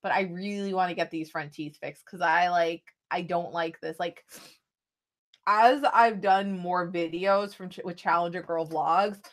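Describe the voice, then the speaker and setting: A woman's voice: on the low side, steady tone, unhurried. A young adult woman vlogging, talking casually and rambling to a phone camera she holds at arm's length. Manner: rambling, chatty, with frequent "like" and sighs. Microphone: phone camera held at arm's length.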